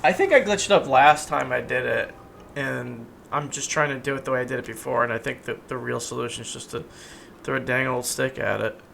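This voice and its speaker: A man streaming a video game with animated, jokey, sweary commentary. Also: medium pitch, a little fast, gravelly, slight background noise. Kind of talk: casual let's-play commentary.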